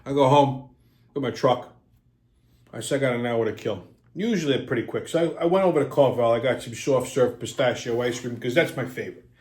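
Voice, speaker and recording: A man's voice: mid-range voice, a little fast, a little mellow, echoey room. A man, telling a long profane story in an exasperated, casual way as host.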